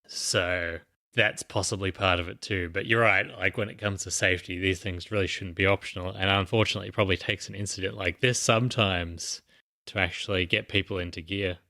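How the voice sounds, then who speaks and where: A man's voice: low voice, fairly even intonation, a little fast, pushed and bright. A man co-hosting a podcast, explaining a news story in casual chat with many fillers and restarts. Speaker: podcast co-host.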